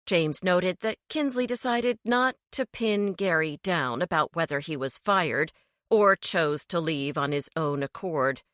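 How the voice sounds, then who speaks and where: A woman narrating a mystery audiobook with expressive storytelling. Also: fairly low pitch, a little slow, no room sound, clean studio sound. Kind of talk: scripted narration.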